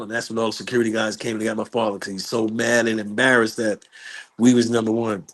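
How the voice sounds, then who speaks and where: A man in an interview telling a story with lively energy, acting out the voices of the people in it. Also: fairly low pitch, fast talker. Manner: acts out quoted voices, curses, lively delivery. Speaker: guest musician. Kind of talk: animated storytelling.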